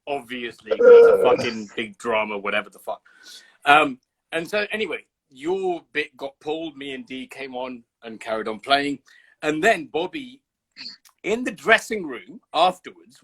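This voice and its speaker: A man's voice: medium pitch, a bit bright, poor audio. A man hosting a casual livestream chat over a video call, teasing his guest, swearing freely and telling stories with animation. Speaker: host.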